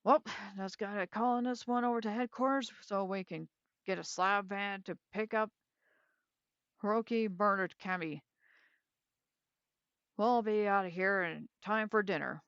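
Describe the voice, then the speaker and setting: A woman reading aloud as a brash, dismissive male small-town deputy, in a smooth voice. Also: medium pitch, unhurried, pauses often, a bit bright, no room sound, dull audio. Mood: blustering.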